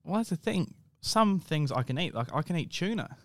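A man's voice: a little high, sing-song, moderate pace, no echo, studio quality. Laid-back Australian man, casual podcast chat. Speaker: podcast co-host.

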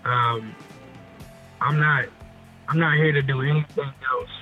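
A man's voice: medium pitch, fairly even intonation, unhurried, muffled recording, soft background music. A man speaking as a photographer guest in a casual interview, laid-back and blunt, swearing casually.

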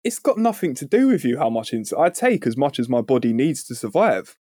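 A man, telling a story on a podcast in a casual, animated way and swearing freely. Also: medium pitch, fast, no room sound, clean studio sound. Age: 30s. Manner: animated, swears freely, acts out quoted voices. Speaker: podcast co-host.

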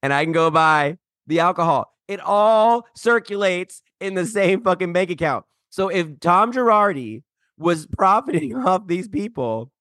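A man from Mississippi, raised in Iowa and without a Southern accent, co-hosting a podcast in lively, emphatic, salty banter. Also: high voice, no room sound, clean studio sound. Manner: animated, emphatic, profane banter. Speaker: podcast co-host. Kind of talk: casual chat.

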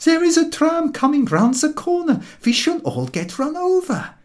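A feeble old milkwoman frets and wails in a high, shaky voice, played by a male reader. She sounds worn out and pathetic, pitch swinging up and down. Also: big pitch swings, normal speed. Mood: fretful. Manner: anxious, pathetic, wailing. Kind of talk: audiobook character voice.

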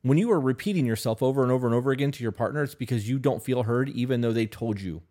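A man's voice: mid-range voice, rapid-fire, mellow. Male podcast co-host, blunt and emphatic, swears freely. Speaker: podcast co-host giving advice. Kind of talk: casual advice chat.

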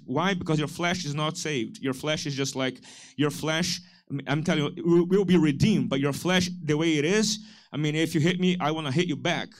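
Male pastor, high-pitched, impassioned preacher who acts out quoted voices. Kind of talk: sermon.

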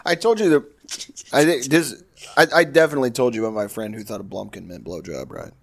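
Young male co-host, crude and jokey, lively swinging delivery. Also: fast talker, gravelly. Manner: profane, joking, breaks into falsetto singing. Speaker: podcast co-host. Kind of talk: crude casual banter. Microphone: headset mic with headphones.

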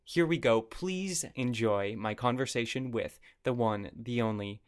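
Guy hosting a podcast from his basement, chatty, jokey, mid pitch. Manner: chatty, jokey, quick asides. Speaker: podcast host. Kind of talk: casual interview chat. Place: home basement.

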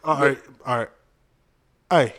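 A man's voice: medium pitch, slow. A man co-hosting a podcast, laid-back and joking in casual chat. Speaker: podcast co-host.

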